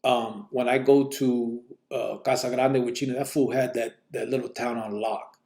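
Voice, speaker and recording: A middle-aged man, telling his own story to a live audience in relaxed street slang and quoting others in a raised voice. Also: mid-range voice, moderate pace, creaky. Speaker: channel host telling his life story.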